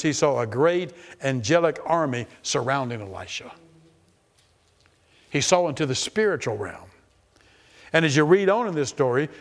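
A man preaching a sermon, reading scripture and acting out the quoted voices with lots of repetition. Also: a little high. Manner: animated, repeats phrases, acts out quoted voices.

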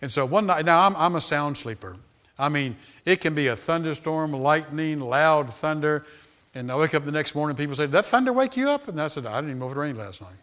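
A man in his sixties preaching a sermon, telling stories that start low and soft and build to loud, high, animated peaks. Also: fairly quick. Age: 60s. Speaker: pastor. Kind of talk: sermon storytelling.

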